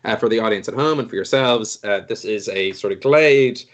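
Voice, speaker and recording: Game master narrating a tabletop game, low voice, rambling delivery. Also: male voice, a little fast. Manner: meandering, hesitant narration with many fillers.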